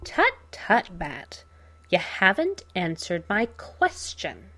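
A crooning, cruel male villain with a teasing edge to his soft menace, as a woman reading the story puts him on. He drawls slowly from a lowish register and lifts into sing-song highs, never raising his voice. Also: huge pitch swings, full character voice. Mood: menacing. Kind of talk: audiobook reading of fan fiction.

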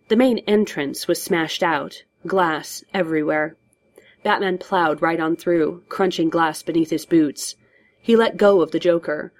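A woman reads a story aloud, steady and measured. Her voice sits on the low side and keeps an even pace. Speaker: narrator. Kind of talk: audiobook narration.

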